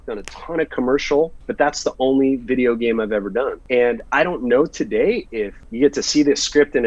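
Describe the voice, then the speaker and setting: A man's voice: medium pitch, no room sound. An American actor, a man, recounting his career in a casual interview, acting out the lines people said to him. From United States. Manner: animated storyteller, acts out quoted lines. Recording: dull, slightly lo-fi sound.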